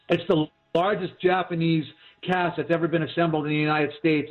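A man critiquing TV shows in casual chat, rambling with many restarts and fillers, and hiccuping as he talks. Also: on the high side. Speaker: TV critic guest. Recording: tinny phone line.

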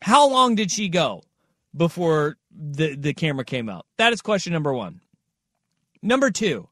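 A man hosting a podcast in casual chat, animated and riffing, acting out quotes. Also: a little high, moderate pace, no echo, studio quality. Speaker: podcast host.

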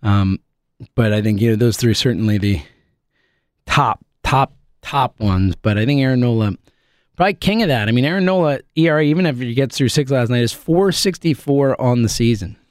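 A man hosting a sports talk show solo, ranting in an animated, sarcastic way. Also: mid-range voice, fairly quick, no echo, studio quality. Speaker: sports podcast host.

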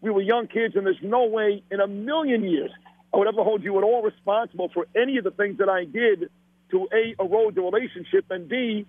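This man, a middle-aged radio host from Brooklyn, New York, appears as a podcast guest, trading blunt, profane, emphatic stories in casual talk. His Brooklyn-accented voice sits high and moves a little fast, captured as dry, tinny phone-line audio.

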